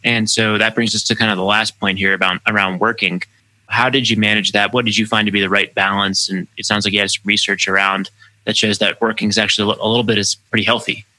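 A man hosting an interview, asking questions in a quick, friendly way and laughing along. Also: on the low side, level tone, sharp tone, no echo, rough recording. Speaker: podcast host.

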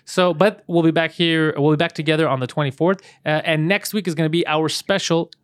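A man co-hosts a podcast in loose, profane banter, laughing between lines. His voice sits a little high. The sound is dry and close, with no room around it. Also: fairly even intonation, brisk, smooth, no room sound. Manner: laughing, loose, swears freely. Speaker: podcast co-host.

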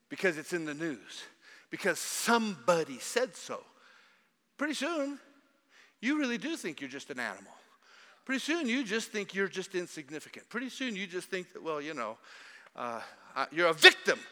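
A man preaching in a church, his voice high and very bright. He swings from hushed asides to loud, mocking jabs. The sound carries a long reverb from the church hall. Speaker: pastor. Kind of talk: sermon.

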